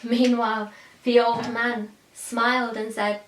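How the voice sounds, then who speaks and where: A woman's voice: a little high, lively intonation, slow, fairly bright tone. A woman telling a children's story expressively, asking her listeners questions, in an echoey room.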